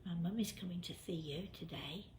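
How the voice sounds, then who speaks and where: A woman voicing a shy little girl of nearly three, whispering softly with a lisp. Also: fairly low pitch, fairly quick, a little hiss or hum, close to an everyday voice. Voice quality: lisping.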